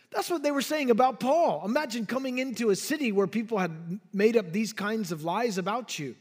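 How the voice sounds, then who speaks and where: Male preacher, high-pitched voice, emphatic and dynamic sermon delivery. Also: fairly quick, hardly any pauses. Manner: emphatic, dynamic delivery with sudden drops and bursts. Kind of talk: expository sermon.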